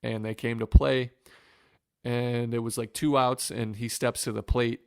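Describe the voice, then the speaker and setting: A man from Northwest Ohio, a former pitcher, telling an earnest story in an interview with many restarts. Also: little pitch movement, a little slow, gravelly, clear, resonant tone, no echo, studio quality. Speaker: former pro pitcher, podcast guest.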